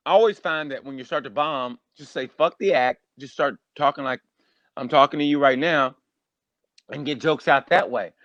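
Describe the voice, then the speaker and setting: Comedian guest, male, nonstop animated storyteller, somewhat high voice, dry recording. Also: moderate pace, dry recording, dull audio. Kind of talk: casual podcast chat.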